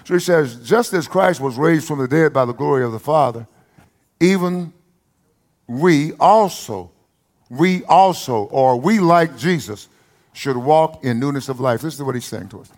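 A man with an East Texas accent preaching a lively sermon, with folksy humor and emphatic repetition. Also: on the high side, unhurried.

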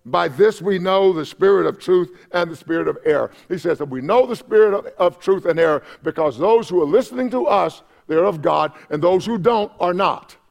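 A male pastor preaching from the pulpit, his voice pitched high with a gravelly rasp. He builds to shouted peaks, stumbles over repeated words, and drops back to a conversational tone. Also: expressive, moderate pace, hardly any pauses. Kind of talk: sermon. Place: church sanctuary.

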